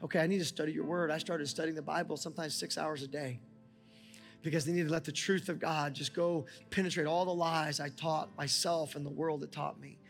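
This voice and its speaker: A pastor in his forties preaches with fervor and his voice sits on the higher side. He climbs into near-shouted prayers, and the long reverb of a large church hall rings around him with soft music underneath. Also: fairly even intonation, a little fast, vocal fry. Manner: impassioned, rising to near-shouts, talks to God aloud. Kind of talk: sermon. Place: church auditorium.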